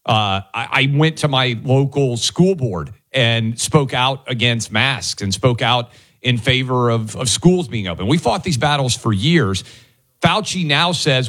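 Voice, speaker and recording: A man's voice: mid-range voice, animated, a little slow, fairly bright tone. A male talk radio co-host, arguing emphatically and sarcastically while reading diary quotes.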